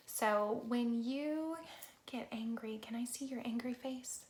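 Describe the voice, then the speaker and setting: A woman reading a picture book aloud to children as a storyteller, lively and talking straight to her young listeners, sometimes dropping into a soft whisper. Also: a little high, takes it slowly, reverberant. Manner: animated, talks straight to children, drops to soft whispers for asides.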